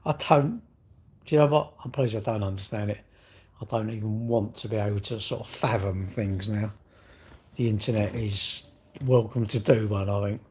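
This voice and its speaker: Husky English man chatting on a livestream. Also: lowish voice, normal speed, darkish tone. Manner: rambling, chatty, mocking. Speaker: livestream host. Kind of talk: casual chat reading live comments.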